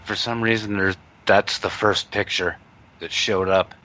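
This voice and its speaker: A man's voice: fairly low pitch, fairly even intonation, measured pace, sharp tone. A man hosting a radio interview, giving short reactions and thinking aloud as he clicks through a website. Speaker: radio host. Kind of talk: casual interview chat. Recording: dull lo-fi sound with faint hiss.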